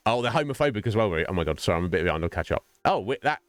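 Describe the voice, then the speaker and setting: A man's voice: fairly low pitch, big pitch swings, very fast, few pauses, no echo, soft background music. A man streaming a game, chatting casually in a rambling way and laughing often. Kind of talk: casual livestream chat.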